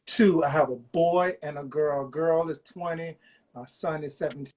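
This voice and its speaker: A man's voice: fairly high pitch, fairly even intonation, moderate pace, darkish tone. Playful storytelling man in his forties. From Virginia, USA. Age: 40s. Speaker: interview guest. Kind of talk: casual interview storytelling.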